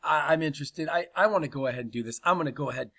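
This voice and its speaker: A man's voice: fairly high pitch, racing, background noise, lightly acted. A man doing a laid-back male film director. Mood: casual. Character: easygoing male film director, later panicked.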